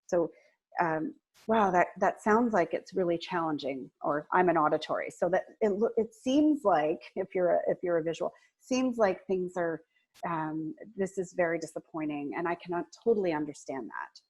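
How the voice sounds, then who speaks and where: A woman speaking as a guest on a video-call webinar, earnestly coaching listeners and acting out soft, empathetic phrases. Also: lowish voice, lively intonation, normal speed, breathy edge. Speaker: guest speaker, agency co-founder. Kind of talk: webinar talk on client communication.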